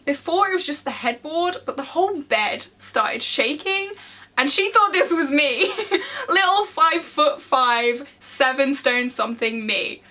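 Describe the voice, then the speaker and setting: Bright, high-voiced young woman. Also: a little slow. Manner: animated, laughing often, acting out quoted dialogue. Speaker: vlogger. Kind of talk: casual storytime. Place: indoor room, seated.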